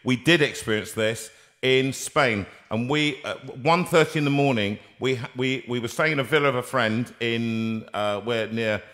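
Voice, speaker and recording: A man's voice: mid-range voice, moderate pace, fairly bright tone. A man hosting a casual interview, chatting in a playful, teasing way. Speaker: host.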